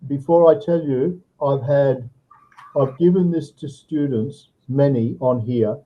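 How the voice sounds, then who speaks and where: Over audio with the highs cut off, a mid-range male tutor teaches English via video call at a measured pace. He gives step-by-step guidance and keeps asking "all right" to check in.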